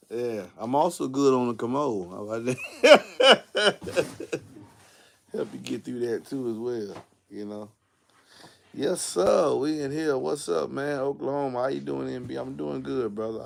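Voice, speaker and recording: A man hosting his own live stream, easygoing and chatty as he calls out viewers by name. His voice sits at an ordinary pitch with a gravelly edge. He talks in relaxed slang. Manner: greets viewers by name, laid-back slang. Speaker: host of a live car audio Q&A stream. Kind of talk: casual livestream chat.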